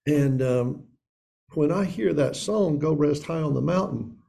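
A man's voice: on the high side, a little slow, creaky, mellow. A man, a pastor opening his sermon in a folksy, conversational way. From Upper East Tennessee. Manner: folksy and conversational, addresses listeners as guys and dude.

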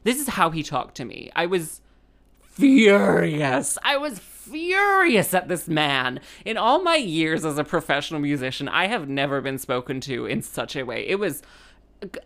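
A woman's voice: low-pitched, big pitch swings, a little fast, a bit bright. A woman, a musician telling a rambling comic story, full of fillers and exasperation.

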